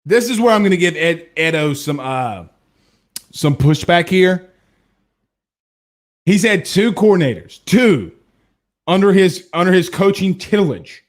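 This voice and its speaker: Hosting a live-stream sports talk show, a man reads viewer comments and gives blunt, opinionated takes, often restarting and laughing. He has a high voice with lively intonation, a measured pace and long pauses.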